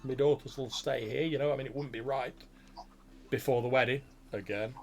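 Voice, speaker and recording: A man's voice: mid-range voice, fairly even intonation, fairly quick, gravelly, slight background noise, close to an everyday voice. A man voicing a jovial middle-aged male farmer who talks in a hearty, reassuring way.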